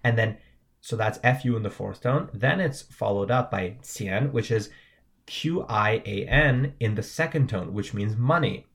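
A man's voice: fairly low pitch, measured pace, gravelly, a bit bright. A man teaching words and tones, explaining patiently and checking in with "right?". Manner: patient, repeats "right?" often. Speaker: language teacher.

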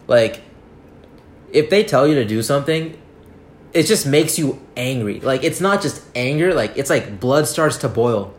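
A man's voice: medium pitch, animated, a little slow. A young man chatting casually on a podcast with dry, joking banter. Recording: echoey room with faint background ambience.

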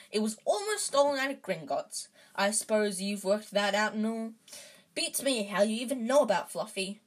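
A woman reading the lines of a big, gruff, kindly male groundskeeper, hesitant and rambling, with a husky voice. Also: fairly high pitch.

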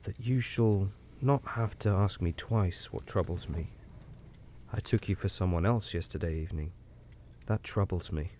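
A man voicing a troubled, grave railway signalman who speaks low, hushed and halting, in an audiobook reading. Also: slight background noise, close to an everyday voice. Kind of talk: audiobook character voice.

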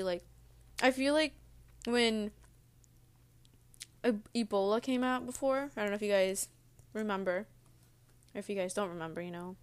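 Munching audibly on cereal between words, a young woman vlogger chats in a loose, rambling way to her audience. Her voice is smooth and mid-range.

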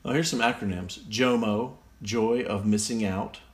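Man, lowish voice, unhurried, sarcastic, amused, casual commentary. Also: steady tone. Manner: sarcastic, mocking, easily amused. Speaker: commentator reading slang definitions. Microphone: phone.

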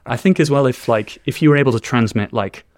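A man's voice: medium pitch, fast, a little mellow, no room sound. A man with a posh British accent, a podcast guest chatting articulately with a dry sense of humor. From England. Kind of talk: casual interview chat.

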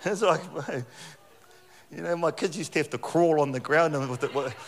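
Jokey New preacher in echoey hall. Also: male voice, a little high, normal speed. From New Zealand. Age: middle-aged. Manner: jokey, animated storytelling with frequent laughs. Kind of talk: sermon. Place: church hall. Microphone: handheld mic.

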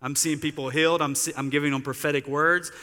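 A man's voice: a little high, level tone, quick pace, bright, forceful tone, in a large hall. A man preaching a sermon in a conversational storytelling manner, using lots of "like" fillers. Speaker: pastor. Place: church sanctuary.

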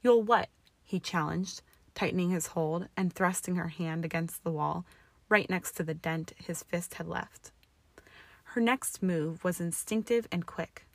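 A woman narrating a fan fiction story aloud in a steady, expressive way. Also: lowish voice, measured pace, creaky, no echo.

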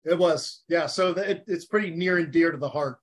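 A man in his forties from the United States, a podcast guest talking in an animated, earnest and heartfelt way. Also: a little high, brisk. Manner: animated, earnest and heartfelt, talks about faith. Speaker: podcast guest, former Navy SEAL. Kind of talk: casual interview chat.

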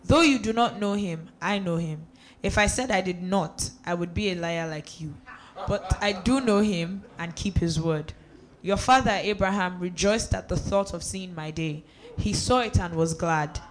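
A reader going through a Bible passage aloud at a steady pace, with a few small slips and restarts. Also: mid-range voice, normal speed. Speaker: scripture reader. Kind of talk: reading scripture aloud.

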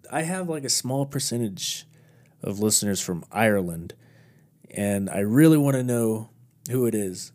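A man's voice: fairly low pitch, expressive, moderate pace, darkish tone. A man hosting his own podcast alone, chatting casually in a rambling, self-deprecating way. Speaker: podcast host. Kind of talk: casual solo podcast chat.

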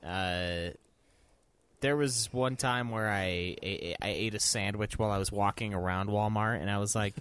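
A young man with a fairly low voice who recounts a story on a podcast in a hesitant, halting way. The sound is dry and close to the mic. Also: fairly bright tone, clear, resonant tone, no room sound. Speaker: podcast co-host. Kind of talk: casual chat.

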